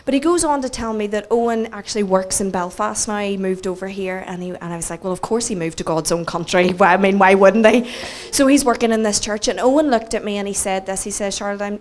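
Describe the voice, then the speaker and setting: A woman with a Northern Irish accent telling a story in a sermon, animated and self-mocking, acting out the people she quotes. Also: mid-range voice, fast, few pauses, slight background noise. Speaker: preacher.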